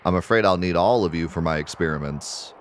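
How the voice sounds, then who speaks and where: A man's voice: low-pitched, a little fast, a little hiss or hum, close to an everyday voice. A man voicing a sly, scheming male scientist villain who gloats and laughs mockingly while reading game dialogue aloud. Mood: gloating.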